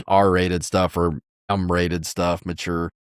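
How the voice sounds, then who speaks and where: Deep-voiced man telling a rambling story. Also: flat delivery, extremely slow, clear, resonant tone, dry recording, clean studio sound. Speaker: podcast co-host. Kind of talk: casual chat.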